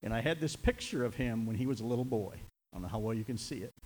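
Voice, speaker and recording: A middle-aged man preaching a sermon as pastor, emotional and building to near-shouts on repeated lines. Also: mid-range voice, lively intonation, fast talker, slightly rough, low-quality recording. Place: church.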